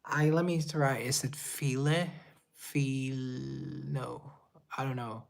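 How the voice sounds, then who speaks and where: Reading viewer comments on his live stream, a young man from Colombia, a musician and streamer, rambles casually and makes fun of himself. He speaks slowly in a gravelly, medium-pitched voice.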